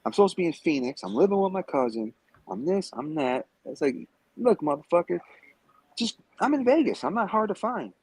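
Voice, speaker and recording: A man's voice: sits high, very animated, a little fast, a little mellow, husky, no echo, poor audio. A man in a heated livestream rant, taunting and cursing at a rival, calling in remotely. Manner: profane, confrontational, taunting. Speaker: stream guest. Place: Las Vegas.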